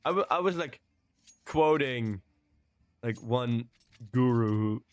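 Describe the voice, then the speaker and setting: A man casting a live match with play-by-play commentary, excitable and quick to exclaim between calls. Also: medium pitch, no echo. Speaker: esports caster.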